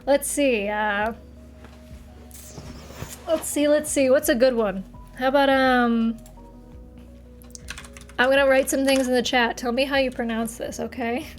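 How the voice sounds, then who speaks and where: A woman's voice: high voice, fairly even intonation, a little slow, pauses often, faint music behind. A young woman streamer in casual chat, reading viewers' messages aloud and laughing often. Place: home streaming setup.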